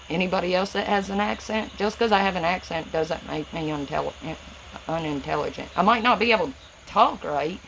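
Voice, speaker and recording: A woman's voice: on the low side, moderate pace, vocal fry, fairly bright tone, a little hiss or hum, poor audio. A woman with a Southern US accent, answering viewers' comments on a phone live stream in a casual, chatty way. Her words run together and she stutters a little. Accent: Southern US, Tennessee. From Southern United States.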